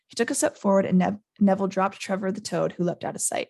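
A podcast host, a woman, reading a novel aloud in a casual, unpolished way. Her voice has a gravelly fry, and she jumps up in pitch whenever she voices a character's lines. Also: quick pace, hardly any pauses, no room sound, clean studio sound. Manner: reads with lively character voices, pitching up for quoted speech.

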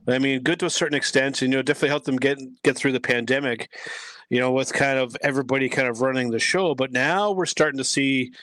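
A man's voice: medium pitch, quick pace, a bit bright, no room sound. A man giving his views as a guest in a casual podcast chat, rambling with many restarts. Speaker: guest commentator.

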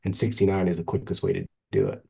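A man co-hosting a podcast, chatting casually in a deadpan, mock-naive way. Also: low voice, quick pace, creaky, slightly rough. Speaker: podcast co-host. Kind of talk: casual chat.

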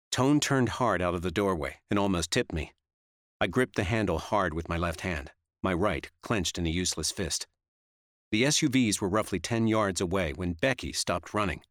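A man giving steady, measured first-person audiobook narration. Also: low-pitched, dry recording, clean studio sound.

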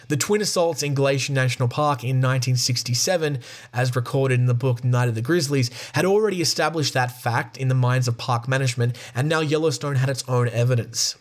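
A man hosting a podcast, reading a true-crime account aloud at a steady pace, with fillers, small restarts and wry asides. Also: mid-range voice. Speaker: podcast host.

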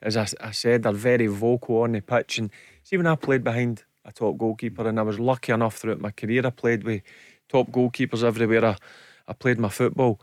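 A Scottish former footballer gives his view in a plain, emphatic way, often repeating words to press a point. His voice is mid-pitched. The studio sound is dry and close. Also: fairly even intonation, brisk, no echo. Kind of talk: radio football punditry. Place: radio studio.

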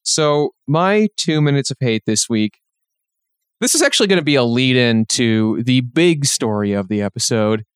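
A man's voice: mid-range voice, expressive, normal speed, clean tone, dry recording. Sardonic rambling man, dry sound. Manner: sardonic, rambling with many fillers. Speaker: podcast co-host. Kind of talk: casual podcast chat.

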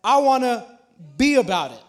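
Male pastor, thirties, very high voice; casual sermon that builds by repetition, small church. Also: sing-song, moderate pace. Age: 30s. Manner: casual, repeats himself, builds to emphatic points. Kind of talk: conversational sermon.

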